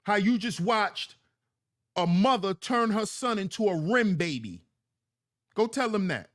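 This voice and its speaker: Livestream host, high-pitched man, very animated delivery, preachy and repetitive. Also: a little slow. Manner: preachy, emphatic, repeats lines for effect. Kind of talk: livestream commentary reading chat.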